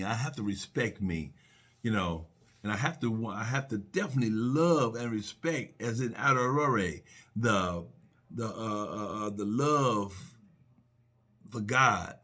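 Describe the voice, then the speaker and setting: Husky earnest middle-aged man. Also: medium pitch, fairly bright tone. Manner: earnest, repetitive, preachy with restarts and rhetorical questions. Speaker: speaker sharing personal faith reflections. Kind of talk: personal spoken reflection.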